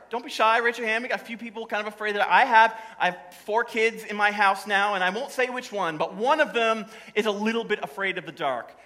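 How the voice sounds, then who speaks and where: The speaker is a pastor delivering a sermon before his congregation at a church service, joking and telling stories conversationally. His voice is high-pitched, pushed and bright, and the recording quality is low.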